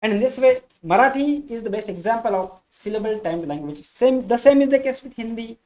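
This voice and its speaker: A woman's voice: fairly high pitch, lively intonation, a little fast, mellow. A woman gives an English lesson in an explanatory lecture style. She repeats key phrases for emphasis and calls her listeners friends. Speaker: English teacher.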